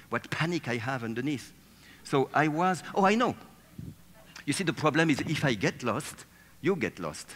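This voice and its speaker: Man, theatrical storyteller on stage, mid-pitched voice, long hall reverb on the recording. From France. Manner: animated, playful, acts out scenes and voices. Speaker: speaker giving a talk. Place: stage, seated at a table.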